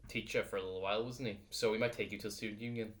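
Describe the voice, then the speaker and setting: A woman's voice: extremely low pitch, steady tone. A woman co-hosting a podcast in casual chat, wry and teasing. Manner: wry, teasing, quick to agree. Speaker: podcast co-host.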